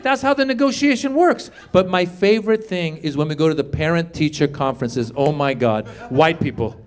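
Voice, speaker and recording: A man doing a stand-up comedy set, loudly working the crowd on a club stage. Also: sits high. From Iran. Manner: loud animated crowd work. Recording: live club with crowd noise. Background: audience laughter.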